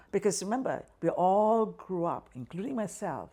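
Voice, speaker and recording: A woman's voice: mid-range voice, lively intonation, moderate pace, dark tone. An older woman from Malaysia with a Malaysian English accent, speaking passionately in an interview and acting out what others say. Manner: passionate, acts out quoted voices, frequent "right?" and "you know". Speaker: activist guest. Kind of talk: conversational interview.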